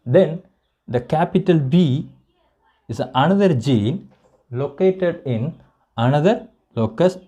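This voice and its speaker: A man with an Indian English accent, teaching a biology lesson and slowly repeating each point as if for dictation. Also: fairly high pitch, expressive, dark tone. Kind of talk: classroom lecture.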